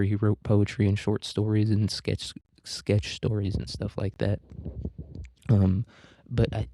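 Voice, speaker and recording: A man's voice: fairly low pitch, mellow, no room sound. A young man hosting a casual history podcast, loose and profane, joking with lots of fillers and asides. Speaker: podcast host.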